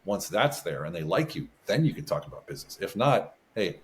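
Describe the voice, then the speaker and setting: An American man speaking as a guest in a casual interview, telling animated stories about business and often chuckling. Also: deep voice, a little fast. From United States. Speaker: podcast guest, business advisor.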